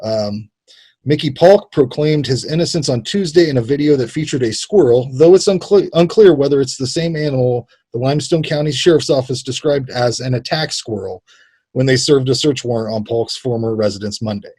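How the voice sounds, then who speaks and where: A man's voice: mid-range voice, a little fast, mellow, husky. A man co-hosting a casual comedy podcast, reading odd news headlines, laughing often and slipping into joking drawls. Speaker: podcast co-host.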